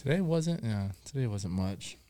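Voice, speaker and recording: Young dude cohost, regular pitch, teasing and jumping in. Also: male voice, expressive, moderate pace, mellow. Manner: teasing, chimes in. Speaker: podcast co-host. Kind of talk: casual chat.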